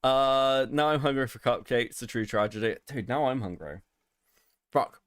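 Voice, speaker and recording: A man's voice: medium pitch, normal speed, smooth, dry recording. A man co-hosting a livestream commentary show, swearing and laughing a lot as he reacts. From Europe.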